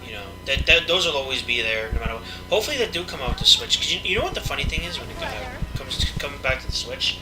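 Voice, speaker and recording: A man's voice: medium pitch, very animated, fast, few pauses, music in the background, poor audio. A man chatting casually about video games with a friend during a gameplay session, using plenty of fillers. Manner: chatty, talks game news, uses fillers. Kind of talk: casual gaming chat.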